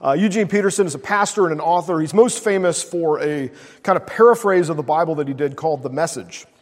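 A man's voice: a little high, fast talker. A male pastor preaching a sermon in a casual storytelling way, full of "like" and "uh". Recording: long hall reverb.

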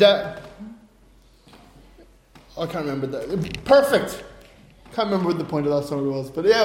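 A middle-aged man preaching a sermon, telling personal stories in an animated way, breaking into bursts of laughter. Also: high voice. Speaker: pastor. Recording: roomy echo.

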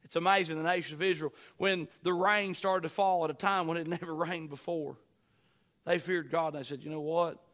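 High, bright-voiced preaching man. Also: fairly even intonation, fairly quick. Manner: rises from quiet storytelling to loud pleading. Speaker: pastor. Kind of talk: sermon.

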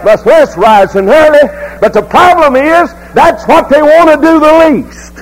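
A middle-aged man, a pastor preaching a sermon that rises into loud, fervent passages. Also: extremely high pitch, measured pace, rough recording.

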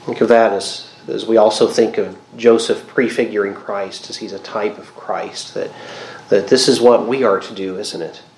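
A man's voice: fairly low pitch, fairly even intonation, moderate pace, vocal fry, darkish tone, a little hiss or hum. A man giving a Bible study lecture, explaining the text thoughtfully with reflective asides. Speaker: Bible teacher. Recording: roomy echo.

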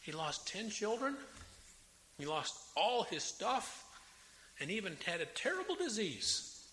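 A male pastor with a Southern American accent preaches in a bright, fairly high voice that swings widely in pitch. He acts out biblical figures' complaints with sudden loud bursts. The sound carries a long church-hall echo over faint room noise. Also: sing-song, a little slow. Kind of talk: sermon. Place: church sanctuary.

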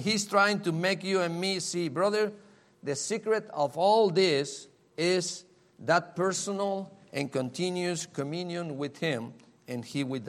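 A man preaching a sermon, earnest and emphatic, repeating key phrases and asking rhetorical questions. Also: on the high side. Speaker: pastor.

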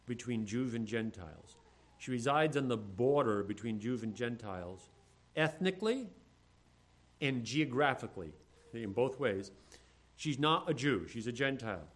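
A man's voice: medium pitch, very animated, measured pace. A male pastor preaching a sermon, reading scripture and then acting out the disciples' complaints in everyday speech. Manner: reads scripture in old-fashioned phrasing.

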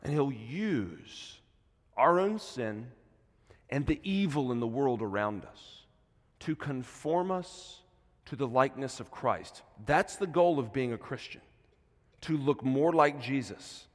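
Male preacher, mid-pitched, shifting from hushed to booming, long church reverb. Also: animated, takes it slowly. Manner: swings from hushed, soft passages to loud, emphatic preaching. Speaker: pastor. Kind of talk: sermon. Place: church sanctuary.

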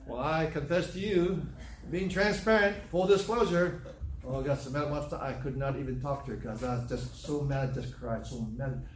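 A man's voice: mid-range voice, moderate pace, echoey room, a little hiss or hum, low-quality recording. A man preaching a sermon as pastor, talking conversationally and teasing his congregation with questions.

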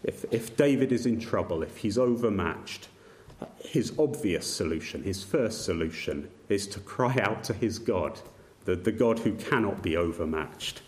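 A man's voice: lowish voice, animated, measured pace, a little mellow. A man preaching a sermon, earnest, with frequent restarts and repeated words. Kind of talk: sermon on a psalm.

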